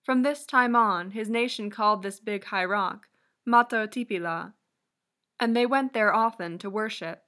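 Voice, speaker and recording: Bright-toned woman narrating. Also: mid-range voice, unhurried. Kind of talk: scripted narration.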